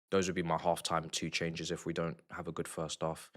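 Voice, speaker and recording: A young man hosting a live football watchalong, muttering reactions that flare into loud outraged shouting. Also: sits low. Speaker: livestream football watchalong host. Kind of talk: live match watchalong commentary.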